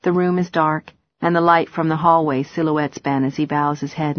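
Woman audiobook narrator, low steady voice, dry close sound, first-person novel. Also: no echo, muffled recording. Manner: steady, measured storytelling.

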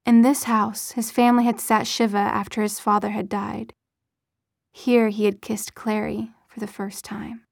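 A woman narrating a novel in a measured, steady storytelling voice. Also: fairly high pitch, gravelly, no echo, clean studio sound. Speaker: audiobook narrator. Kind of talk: scripted audiobook narration.

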